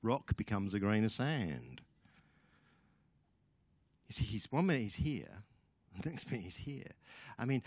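A man as guest speaker giving a sermon, telling the story in an animated way with chatty asides to the audience. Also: fairly low pitch, measured pace, pauses often, slightly rough, no echo.

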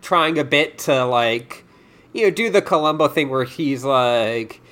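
A man's voice: medium pitch, a little slow, fairly bright tone. A man co-hosting a casual podcast chat, rambling with lots of filler words and quoting characters. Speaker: podcast co-host.

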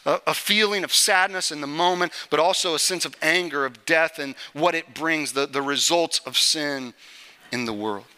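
A male pastor giving a conversational sermon in a church service, often checking in with the congregation with a quick "right?". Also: a little high, bright, forceful tone, clear, resonant tone.

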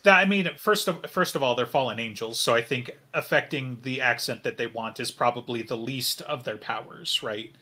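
Man, podcast co-host, casual chat, rambling, bright voice. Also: mid-range voice, normal speed, hardly any pauses. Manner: rambling, many fillers.

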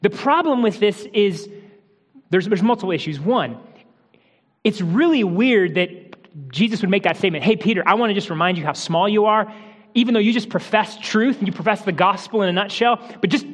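High-voiced man preaching in a hall. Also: animated, moderate pace. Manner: explanatory teaching with restarts, softens for quoted lines. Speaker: pastor. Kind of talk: sermon.

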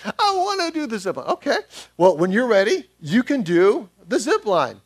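A man voicing his scared but eager little son, pleading in a high childish voice. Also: normal speed, breathy edge, heavily acted. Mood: whiny pleading. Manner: pleading, then excited shouting.

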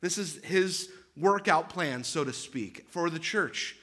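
Delivering his sermon slowly, a male pastor in his thirties uses a bright, forward voice pitched fairly high. He drives home points with earnest emphasis, yet slips into casual asides and frequently repeats or restarts phrases along the way.

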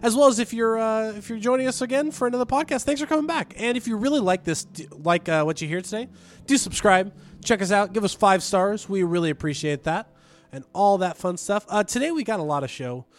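A man with a high voice hosts a loose podcast, rambling and joking through his segments with frequent restarts. His talk is casual banter. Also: fairly quick. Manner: rambling, restarts and jokey asides. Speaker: podcast co-host.

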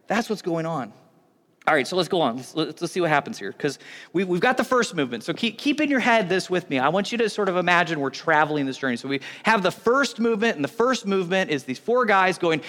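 A male pastor preaches with an animated, storytelling delivery, slipping into the voices of onlookers. His voice sits high for a man. The sound carries a long reverb, as in a church sanctuary. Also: brisk. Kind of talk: sermon.

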